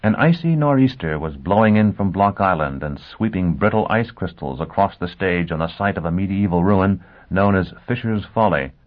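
A man reading a story aloud as narrator in a measured, dramatic way. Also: low-pitched, animated. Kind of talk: audiobook narration. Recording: tinny phone-like sound.

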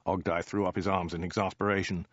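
A man reading a comic story aloud as narrator, in a dry, measured storytelling way. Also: sits low, flat delivery, fairly bright tone, no room sound, highs cut off.

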